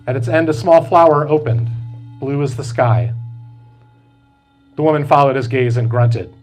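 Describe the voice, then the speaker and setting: Author reading his fiction aloud at a bookstore, slightly high man's voice, measured and slow, music under it. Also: poor audio. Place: bookstore event.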